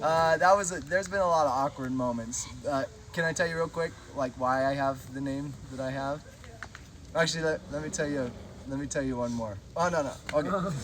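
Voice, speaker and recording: A man speaking to a group outdoors, telling self-deprecating stories in an animated way. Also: fairly high pitch, a little fast, background noise. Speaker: devotional speaker and host. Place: outdoors in a grove.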